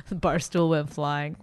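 A middle-aged woman comedian co-hosting a casual chat, telling stories with animation and leaping into a high voice when she quotes people. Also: a little mellow, breathy edge. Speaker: podcast co-host and comedian.

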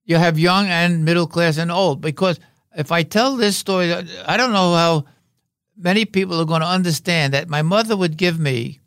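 An older man, a veteran actor and podcast guest, telling rambling, wry anecdotes with halting fillers. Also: on the high side, fairly bright tone, clean tone, no room sound, clean studio sound. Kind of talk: anecdotal interview talk.

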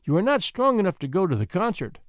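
Man voicing a shy little girl, gentle, soft, lively pitch. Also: fast talker, no echo, studio quality. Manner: timid, soft.

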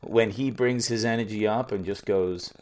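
Young male podcast co-host, very low pitch, easygoing and enthusiastic, faint background hiss. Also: normal speed, a little mellow. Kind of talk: casual podcast chat.

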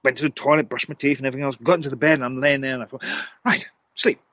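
Male guest, lively dramatic raconteur, medium pitch, dry booth sound. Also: racing, dry recording, low-quality recording. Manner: lively, dramatic storyteller with sudden pitch jumps. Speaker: guest telling a ghost story. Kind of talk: animated anecdotal storytelling.

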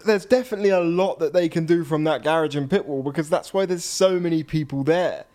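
A man's voice: fairly high pitch, fairly quick, darkish tone. A young man co-hosting a casual podcast, chatty and opinionated, often laughing. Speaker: podcast co-host. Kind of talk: casual chat.

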